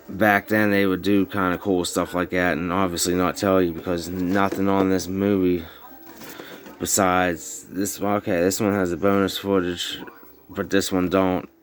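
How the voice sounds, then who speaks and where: Man, deep monotone, laid-back collector vlog, slight slur, lots of ums. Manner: rambling, filler-heavy, informal grammar. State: snuff in mouth slurring words. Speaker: VHS collector vlogger. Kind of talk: casual show-and-tell. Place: home bedroom.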